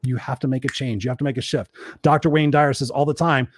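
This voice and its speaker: A man's voice: mid-range voice, steady tone, fast talker, no echo, clean studio sound. A man in his forties giving a fiery, profane motivational talk as a livestream host.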